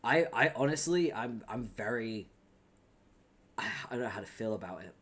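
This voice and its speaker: A man's voice: mid-range voice, expressive, moderate pace, a bit bright. Chatty, laughing man live-streaming a comic read. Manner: laughs often, swears casually, chatty asides. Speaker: streamer reading a webcomic aloud. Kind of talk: casual live-stream reading and chat.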